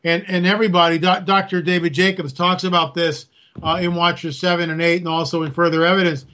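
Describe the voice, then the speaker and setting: Guy guest telling stories, high bright voice, super animated. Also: fast. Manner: animated storyteller, acts out quotes. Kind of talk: casual interview talk.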